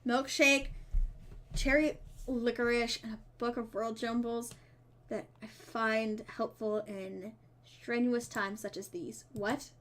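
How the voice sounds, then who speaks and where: A woman streamer reading a dating game's dialogue aloud, with playful asides and quick self-corrections. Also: fairly high pitch, steady tone, a bit bright. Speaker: streamer playing a dating sim. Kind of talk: reading game text aloud with casual commentary.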